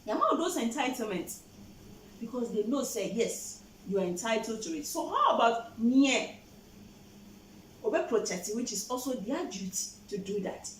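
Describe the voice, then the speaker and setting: A woman's voice: a little high, very animated, moderate pace, echoey room, recorded from a distance, slight background noise, rough recording. A Ghanaian woman hosting a show, passionately explaining the law and switching between English and Twi. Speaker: host.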